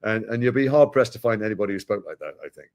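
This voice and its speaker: A middle-aged man from Britain, an actor chatting as an interview guest, telling animated stories with quick asides. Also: fairly low pitch. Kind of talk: casual interview chat.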